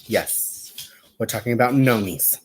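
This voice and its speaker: A man hosting a casual crochet livestream, chatty and sassy, with playful asides and a lively, swooping delivery. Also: medium pitch, measured pace, slight background noise.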